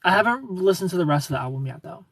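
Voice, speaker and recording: A man from Ohio hosting a casual livestream, reading viewer comments aloud in a soft, low-key way and slipping into quiet asides. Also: expressive, quick pace, slightly rough, no room sound. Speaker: livestream host.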